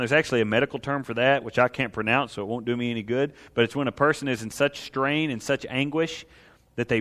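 A man preaching a sermon as a pastor, reading scripture and building to impassioned, loud emphasis. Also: medium pitch. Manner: preaching, rises to impassioned shouting at climaxes. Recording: long hall reverb.

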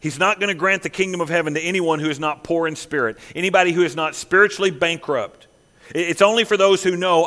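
Emphatic male pastor in a reverberant hall. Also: fairly high pitch. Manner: emphatic, swings from loud to hushed and slow. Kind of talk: sermon. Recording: long reverb of a large hall.

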